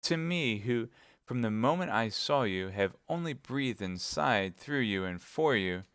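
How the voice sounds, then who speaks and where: A man reading aloud voicing a young swaggering swordsman in a gallant, emphatic tone with his pitch raised. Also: normal speed, a bit bright, smooth, no echo, clean studio sound, natural voice. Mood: ardent. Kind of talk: audiobook reading live.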